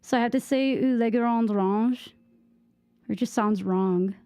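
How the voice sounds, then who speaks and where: A woman's voice: mid-range voice, fairly quick, darkish tone, dry recording. A young American woman chatting casually with viewers on a game stream, giggling and trying out bits of French. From United States.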